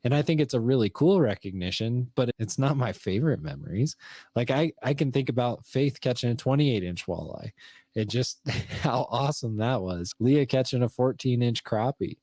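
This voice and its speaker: A man's voice: medium pitch, lively intonation, moderate pace, dark tone, no room sound, clean studio sound. A middle-aged man co-hosting a podcast, telling fishing stories in an easygoing, casual way. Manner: storytelling, easygoing. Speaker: podcast co-host. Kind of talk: casual conversation.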